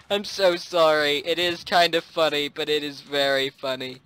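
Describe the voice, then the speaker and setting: Giggly, lively-voiced male gamer. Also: on the high side, background noise. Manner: giggly and playful, frequent laughter. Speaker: gameplay commentator. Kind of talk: casual gaming chat.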